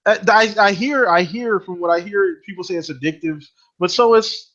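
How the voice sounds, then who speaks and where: A man's voice: high voice, normal speed, a bit bright, highs cut off. A man on a casual gaming podcast, talking in an easygoing, hesitant way with many fillers. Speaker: podcast co-host.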